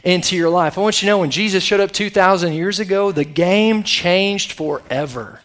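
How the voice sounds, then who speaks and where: A man's voice: high voice, moderate pace, fairly bright tone. A middle-aged man preaching a sermon as pastor, conversational and calling on the congregation to answer back. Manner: conversational, calls on the congregation for responses.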